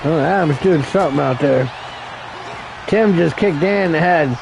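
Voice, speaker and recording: A man's voice: fairly high pitch, normal speed, gravelly, noisy background. A man calling an amateur wrestling show as commentator, crude and joking, rambling and calling people brother. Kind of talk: profane play-by-play commentary.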